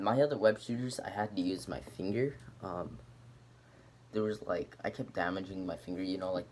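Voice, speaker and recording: A man with a notably deep, low-pitched voice talks through a demo of something he built at home. He rambles in a loose, unscripted way, full of "um" and "like", with a faint hum of noise behind him. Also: a little mellow. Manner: rambling, filler-heavy, lots of "um" and "like". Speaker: hobbyist demonstrating a homemade gadget. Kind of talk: casual show-and-tell video.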